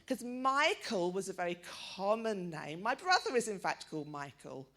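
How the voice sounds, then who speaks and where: A woman's voice: mid-range voice, very animated, normal speed, fairly bright tone. A middle-aged woman preaching a sermon, telling stories in a chatty way and putting questions to her listeners.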